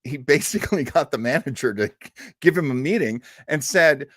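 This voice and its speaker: A man's voice: fairly high pitch, lively intonation, normal speed, a bit bright, dry recording, studio quality. A man from New England hosting a show, telling radio history in a chatty, digressive way with fillers and small laughs. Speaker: host. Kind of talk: casual storytelling commentary.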